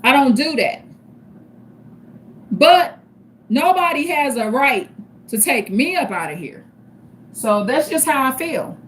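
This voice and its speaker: A woman's voice: sits high, lively intonation, slow pace, pauses often, fairly bright tone, slight background noise. A middle-aged woman from St. Louis, Missouri, talking bluntly and profanely in a casual livestream. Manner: blunt and profane, street-tough. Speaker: livestream host.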